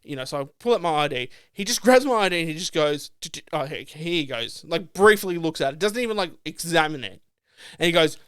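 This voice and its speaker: A man's voice: fairly high pitch, a little fast, clean tone, dry recording. Sweary man telling stories. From Australia. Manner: sweary, animated storytelling. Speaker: podcast co-host. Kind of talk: casual chat over drinks.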